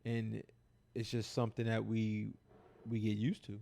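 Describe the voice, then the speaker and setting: A man with a gravelly, creaky edge to his voice, chatting on a podcast. He spins long personal stories in a loose, animated and foul-mouthed way, often slipping into the voices of the people in them. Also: fairly low pitch, unhurried. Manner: animated, profane, acts out dialogue in his stories. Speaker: podcast co-host. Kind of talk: casual podcast storytelling.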